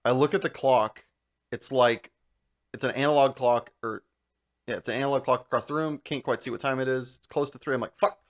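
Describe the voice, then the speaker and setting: A young man co-hosting a podcast, telling a long story in casual chat, animated and laughing as he goes. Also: medium pitch, fairly quick. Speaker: podcast co-host.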